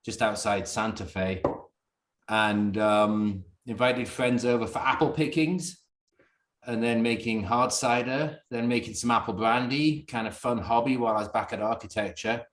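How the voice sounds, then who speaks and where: A man's voice: mid-range voice, moderate pace, fairly bright tone, reverberant. A man with a Northern English accent, chatting on a video call from a bedroom at home, rambling and laughing. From Northern England. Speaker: distillery founder. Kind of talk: casual video call chat.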